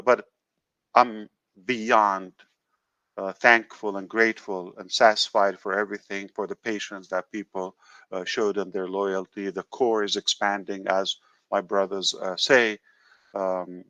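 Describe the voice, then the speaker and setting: A man hosting a live call, talking in a halting way with many fillers and restarts. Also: fairly low pitch, fairly bright tone, no echo, muffled recording. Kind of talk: casual live call talk.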